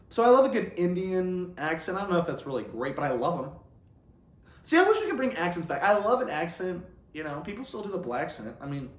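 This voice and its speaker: A man's voice: sits high, very animated, fast talker. A young man rambling casually to camera, often interrupting himself and laughing at his own remarks. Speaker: vlogger. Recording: roomy echo.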